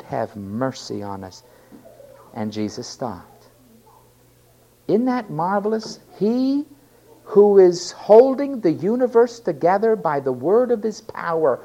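A man preaching a sermon, swinging from emphatic shouting down to a hushed near-whisper and repeating key phrases for effect. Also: a little high.

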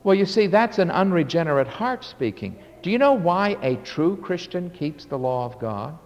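A man's voice: fairly high pitch, sing-song, normal speed, muffled recording. An older man preaching a sermon as pastor, emphatic and drawn out, with sudden swells and drops in his delivery. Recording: long hall reverb.

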